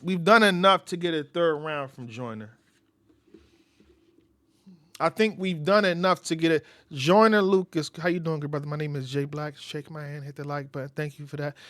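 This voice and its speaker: Bright-voiced man hosting reaction commentary. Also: on the high side, moderate pace, dry recording, clean studio sound. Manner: animated, repeats phrases for emphasis; breaks into loud excited outbursts. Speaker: reaction channel host.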